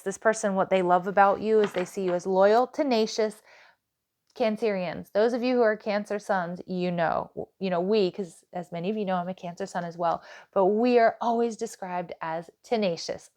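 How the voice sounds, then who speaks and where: A woman doing a casual tarot reading for her viewers, chatty and direct, with plenty of "like" and "you know". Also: lowish voice. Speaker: tarot reader.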